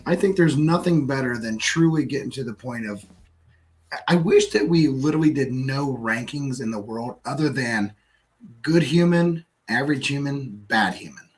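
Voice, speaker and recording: A man's voice: medium pitch, normal speed. An American man telling a story in casual, profanity-laced pub chat. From United States. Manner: animated storyteller, swears freely.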